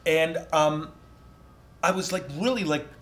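A middle-aged man chatting casually as a guest, telling animated stories, laughing often and swearing. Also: on the high side, a little slow. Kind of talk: casual chat. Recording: roomy echo with background noise.

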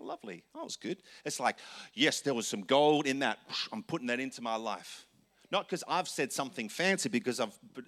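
A man who is the senior pastor, preaching a sermon in a loose, conversational way, correcting himself and slipping into quick asides. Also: a little high, bright, forceful tone.

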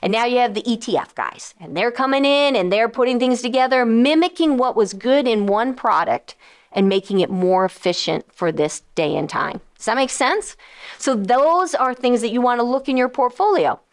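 A woman financial advisor and radio host explaining investments in a casual, animated way, often acting out quoted voices of investors and funds. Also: a little high, moderate pace. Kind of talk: casual explanatory talk to listeners.

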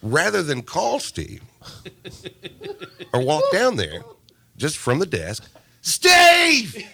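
A man co-hosting a radio show, telling stories in casual banter and mimicking coworkers loudly. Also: a little high, wildly swooping pitch, slow, vocal fry.

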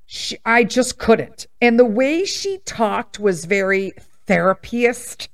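A woman's voice: a little high, animated, slow pace, hardly any pauses. A woman in her fifties hosting a podcast, telling personal stories in a blunt, sassy, emphatic way and laughing at herself. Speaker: podcast host. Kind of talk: casual storytelling monologue.

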